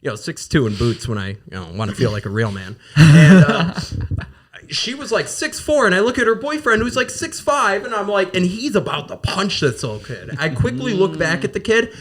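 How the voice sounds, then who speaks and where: A man, a podcast co-host who works as a bouncer, telling animated, laughing stories in casual chat, recorded in a bar. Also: sits high, moderate pace. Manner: animated, laughing, acts out quoted lines.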